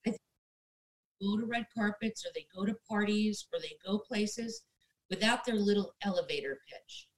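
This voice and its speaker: A middle-aged actress talking casually as an interview guest, giving direct career advice and speaking straight to listeners as "guys". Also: female voice, medium pitch, normal speed, rough recording.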